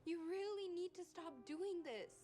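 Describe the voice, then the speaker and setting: Frantic, pleading young wife. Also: female voice, extremely high pitch, dark tone. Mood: earnest. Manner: pleading, emotional, rapid. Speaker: worried wife in a drama clip. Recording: drama clip with music underneath.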